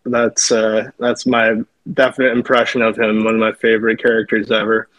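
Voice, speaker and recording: Chill guy on a movie podcast, pretty flat monotone, dry close mic. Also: fairly low pitch, normal speed, no room sound, low-quality recording. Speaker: podcast co-host. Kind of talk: casual film review chat.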